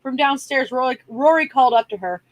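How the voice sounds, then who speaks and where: A woman reading a horror novel aloud to a live audience, dropping softer for the characters' lines. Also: high voice, animated, fairly quick, dull audio, background noise. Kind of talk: reading aloud with casual chat.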